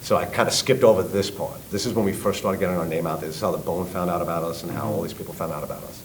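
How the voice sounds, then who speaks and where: A middle-aged man with a New York accent tells his story in an animated way, jumping into loud voices for the people he quotes and swearing freely. His voice sits fairly low. A faint rumbling noise runs under the recording. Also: rapid-fire, low-quality recording. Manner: lively, acts out quotes loudly, swears. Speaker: guest, tribute band singer.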